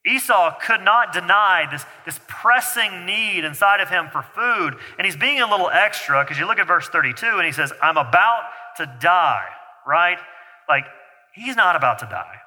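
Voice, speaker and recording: A male pastor preaches in a church sanctuary, his high-pitched voice bright and forceful with lively intonation at a moderate pace. He chats loosely with the congregation and jokes with the kids, and hall reverb colors the sound.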